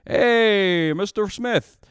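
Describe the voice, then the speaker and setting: A man's voice: high voice, smooth, no room sound, voice pushed up, exaggerated voice. A man doing a voice of a cheery, folksy middle-aged father calling another parent on the phone. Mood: jovial. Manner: loud, jovial, drawn-out folksy phone greeting.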